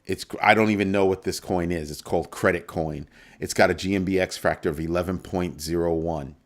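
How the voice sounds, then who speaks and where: A man hosting a casual live-stream crypto show, talking through numbers with animated swings between calm and mock panic. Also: sits low, brisk.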